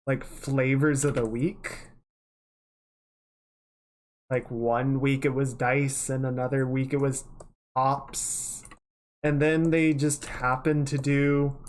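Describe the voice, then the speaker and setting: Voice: mid-range voice, a little mellow. A livestreamer in casual chat while working, rambling and chatty, swearing offhandedly now and then.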